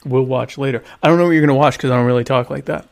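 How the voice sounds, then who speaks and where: Gravelly, sarcastic man hosting a livestream. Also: mid-range voice, racing. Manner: sarcastic, self-mocking, rambling asides. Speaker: livestream show host. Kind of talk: casual rambling livestream chat.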